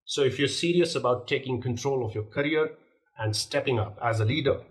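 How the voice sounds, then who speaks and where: A man's voice: medium pitch, fairly quick, a little hiss or hum, poor audio. Man coaching on confident first impressions. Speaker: leadership coach. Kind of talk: scripted instructional monologue.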